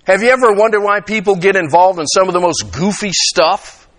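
A man in his sixties preaching an animated, conversational sermon, checking in with his listeners and acting out quoted lines. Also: sits high, fairly quick. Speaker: pastor.

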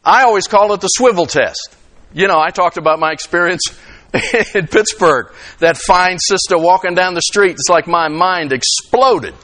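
A man in his sixties preaching an animated, conversational sermon, checking in with his listeners and acting out quoted lines. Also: high-pitched, moderate pace. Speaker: pastor.

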